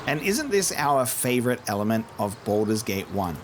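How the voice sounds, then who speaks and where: A man's voice: lowish voice, big pitch swings, normal speed, noisy background. A man casually commenting on a game he is playing for the first time, chatty and profane, mimicking the characters now and then. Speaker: let's play host.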